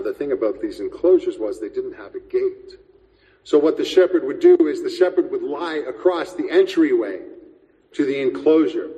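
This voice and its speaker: A man preaching a sermon as pastor, measured and reflective, often restarting words as he speaks. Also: medium pitch, warm tone, long reverb tail, low-quality recording.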